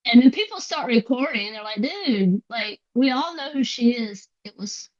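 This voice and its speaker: A woman guest on a podcast, chatting and telling stories in a casual, quick way with soft asides. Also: a little high, expressive, muffled recording. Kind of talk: casual interview chat.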